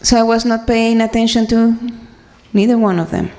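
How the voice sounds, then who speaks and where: A woman giving an earnest, halting personal talk to a congregation, with many fillers and restarts. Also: a little high, flat delivery, darkish tone, long reverb tail. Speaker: speaker sharing at a devotional gathering.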